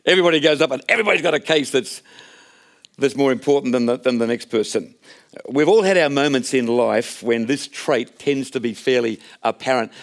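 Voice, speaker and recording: A man preaching a sermon in a conversational, storytelling way, often restarting his phrases. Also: mid-range voice. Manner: conversational, storytelling, self-correcting.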